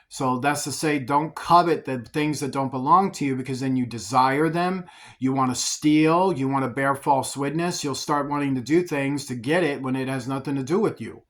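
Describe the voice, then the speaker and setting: A man's voice: medium pitch, normal speed, fairly bright tone. A man preaching an informal sermon on the commandments, explaining them conversationally with frequent restarts. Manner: conversational, repeats words when restarting. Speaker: preacher teaching scripture.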